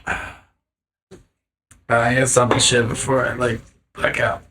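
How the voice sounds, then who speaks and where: A man's voice: medium pitch, completely flat delivery, slow pace, recorded from a distance. A man hosting a casual podcast chat, tipsy from drinking, mostly tossing in short interjections and joking asides. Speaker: podcast host. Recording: noisy podcast recording.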